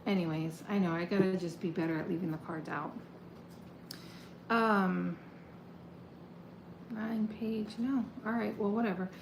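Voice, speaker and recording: A woman reading tarot cards to her viewers in a casual, chatty way, getting excited and swearing now and then while she shuffles. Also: medium pitch, unhurried, pauses often. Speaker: tarot reader. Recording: echoey room with faint ambient noise.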